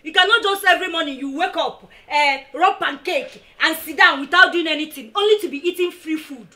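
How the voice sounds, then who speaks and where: A very high, bright-voiced Nigerian wife, jealous and bossy, scolding and accusing in a film drama. Her voice rings in an echoey room with music underneath. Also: a little fast. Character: jealous, confrontational young wife, bossy and loud.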